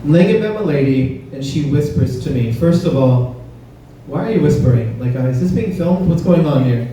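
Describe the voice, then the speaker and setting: Stand-up comic, male, mellow slightly high voice, heard from across a very roomy club. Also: expressive, a little fast. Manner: conversational, crowd-teasing, punchy delivery. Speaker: stand-up comedian. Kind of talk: stand-up comedy set. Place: comedy club stage. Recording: roomy, distant club recording with faint noise.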